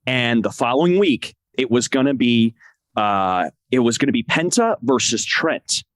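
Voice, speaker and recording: A man as a podcast guest, telling an excited, emotional story and acting out what people said. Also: moderate pace, dry recording. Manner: acts out quotes with big pitch jumps. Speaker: podcast guest, wrestling translator. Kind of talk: animated storytelling in conversation.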